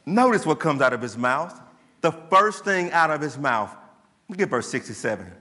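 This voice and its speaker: Bright high-voiced preacher in a reverberant hall. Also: male voice, moderate pace. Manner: animated preaching, acts out quoted voices. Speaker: pastor. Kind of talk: sermon.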